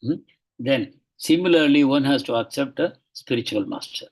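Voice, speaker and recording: Husky man giving an earnest class. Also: medium pitch, animated, normal speed, low-quality recording. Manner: earnest explaining with frequent hesitations and bursts of urgency. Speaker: devotional class speaker. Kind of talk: lecture reading aloud from a biography with commentary.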